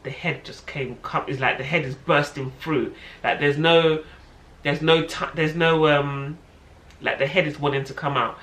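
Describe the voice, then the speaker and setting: A woman in her thirties telling a personal story to camera in a casual, animated way, acting out what other people said. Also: low voice, a little slow. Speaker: vlogger, mother. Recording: echoey room with faint noise.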